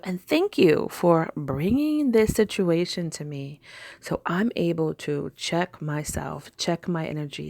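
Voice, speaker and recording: Low, gravelly-voiced woman chatting. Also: darkish tone, dry recording, clean studio sound. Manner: chatty storytelling with filler words. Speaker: spiritual teacher. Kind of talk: casual spiritual talk.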